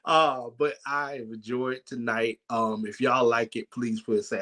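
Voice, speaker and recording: A man hosting a church comedy night, telling a story in a lively, laughing way. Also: mid-range voice, normal speed. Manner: animated, laughs while telling. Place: church sanctuary.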